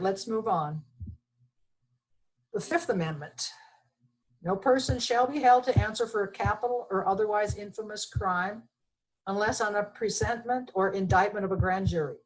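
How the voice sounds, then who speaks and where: In a poorly recorded clip, a Texan woman presenting on the Bill of Rights speaks at a moderate pace in a mid-range voice. She reads passages aloud and remarks on them in a plain, emphatic manner, often using fillers.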